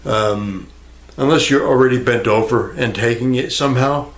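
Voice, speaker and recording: A man rambles at his camera in a loose, crude monologue, mocking himself and chatting straight to the viewer. His voice is mid-pitched with a gravelly creak running through it. He is recorded at home on the camera's own microphone. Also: moderate pace. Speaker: YouTuber. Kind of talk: rambling casual vlog monologue. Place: indoors at home, near a fish tank.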